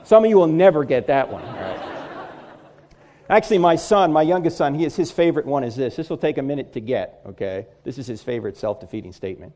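A middle-aged Christian apologetics speaker gives a humorous lecture to a live audience, driving his delivery with jokes and punchlines. His mid-range voice is mellow, animated, and fast.

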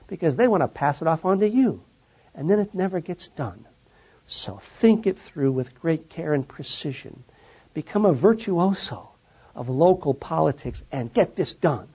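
Husky man lecturing, voice sinks at the end of sentences, dull lo-fi recording. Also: a little high, dark tone. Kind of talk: lecture with audience questions.

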